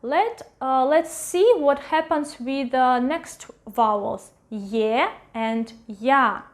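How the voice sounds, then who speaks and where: A woman teaching a pronunciation lesson at a whiteboard, repeating each word slowly several times. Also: high voice. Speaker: language teacher. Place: at a whiteboard with a marker.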